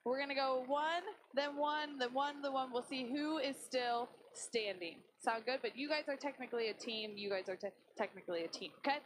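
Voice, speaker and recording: A young woman leading games at a church youth group, energetic and laughing as she talks. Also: high-pitched, normal speed, few pauses, a little hiss or hum, low-quality recording.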